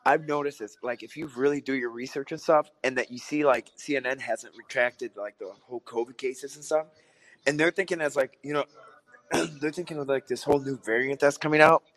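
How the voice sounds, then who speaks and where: A hoarse man co-hosts a casual podcast chat, clearing his throat and coughing often. He rambles through his points and keeps asking his partner questions. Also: mid-range voice, brisk, a bit bright. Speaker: podcast co-host.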